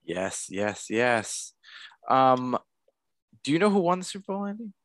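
Animated man hosting a podcast. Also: medium pitch, measured pace, no room sound, studio quality. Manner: animated, chatty. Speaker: podcast co-host. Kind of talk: casual chat.

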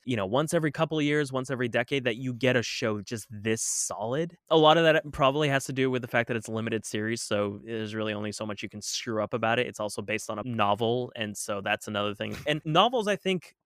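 A man co-hosting a podcast in casual chat, chatty and quick to laugh. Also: mid-range voice, a bit bright, no room sound, clean studio sound. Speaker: podcast co-host.

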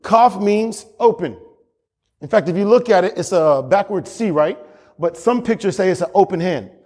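A man's voice: sits high, animated, moderate pace, a little mellow. A male pastor preaching a sermon with emphatic repetition and frequent chuckles. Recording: long hall reverb.

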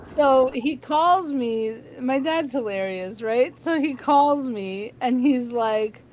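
A woman's voice: sits high, slow pace, rough recording. A woman in her thirties chatting casually, telling a personal story and acting out the dialogue with lots of laughing. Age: 30s. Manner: animated storyteller who acts out quoted dialogue and laughs often. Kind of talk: casual chat.

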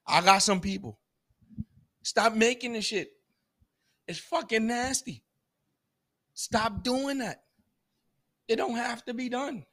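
Young ny guy on his podcast, high voice, cussing and firing off questions, fed up. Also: fairly bright tone. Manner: profane, exasperated, rapid-fire rhetorical questions. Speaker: podcast host. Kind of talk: solo comedic rant.

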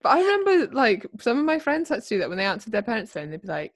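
A young woman, co-hosting a casual podcast chat, chatty and quick to laugh. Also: on the high side, big pitch swings. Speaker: podcast co-host.

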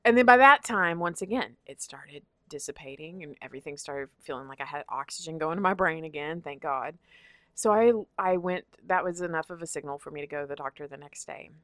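A woman telling a long personal story in casual chat, expressive and laughing often. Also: deep voice, a little fast, dry recording. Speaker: podcast guest telling a story.

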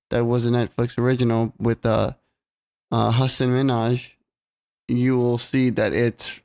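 Chill guy cohosting a podcast, easygoing, swears a lot, lots of ums, average pitch. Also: a little mellow. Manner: laid-back, swears freely, lots of fillers. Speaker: podcast co-host. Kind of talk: casual chat. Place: California home recording.

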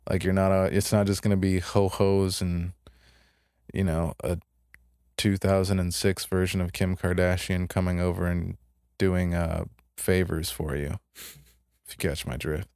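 A young man co-hosts a podcast, casually retelling a story and acting out the characters' lines with put-on voices in a laid-back manner. His voice is low, darkish, clear and resonant, with little pitch movement and an unhurried pace, recorded at studio quality with no echo.

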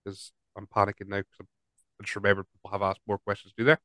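A man's voice: on the low side, little pitch movement, quick pace, fairly bright tone, no echo. A man hosting a podcast, asking questions in a hesitant, jokey way while nursing a sore throat. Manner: hesitant, jokey, self-conscious. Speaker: podcast host. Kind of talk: casual chat.

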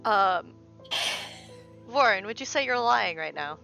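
A woman acts as game master for a tabletop game on a live stream, keeping things easygoing and laughing often. Her mid-pitched voice swoops around a lot, and music is plainly heard behind her. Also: lively intonation, measured pace, gravelly, dull audio. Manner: laid-back, laughs easily.

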